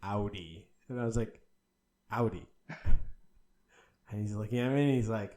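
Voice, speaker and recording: A man's voice: mid-range voice, steady tone, fairly quick, mellow. Young guy on a podcast, laughs a lot telling stories, medium voice. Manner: laughing storyteller, mimics a kid. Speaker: podcast co-host. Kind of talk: casual chat.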